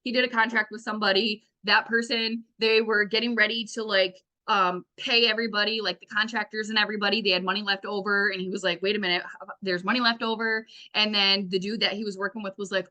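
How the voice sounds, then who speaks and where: Talking a little fast, a woman team leader delivers an informal recap to her team, full of fillers and acted-out quotes from others. Her medium-pitched voice has a steady yet sharp tone.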